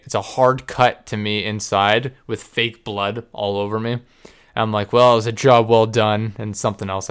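A man's voice: fairly low pitch, pushed and bright, smooth. A young man co-hosting a podcast, telling rambling, profane, self-deprecating stories in casual chat. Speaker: podcast co-host and video editor.

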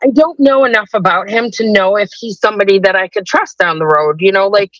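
A woman's voice: mid-range voice, fairly quick, fairly bright tone, dry recording, highs cut off. Woman with a hesitant, rambling voice. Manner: hesitant and rambling, with many restarts. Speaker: guest. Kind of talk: personal story in a podcast interview.

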